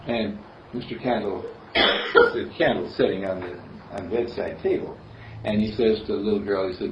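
The minister's voice is lowish and steady, and he moves at a moderate pace through a spiritual sermon full of rambling stories and chuckles. There's a bit of hiss or hum in the distant, roomy, dull recording.

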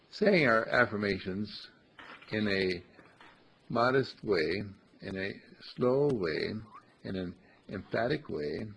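With a deep, gravelly and husky voice, a man teaches a small group about spirituality, slow and emphatic and repeating phrases like a chant. The dull lo-fi recording carries slight background noise.

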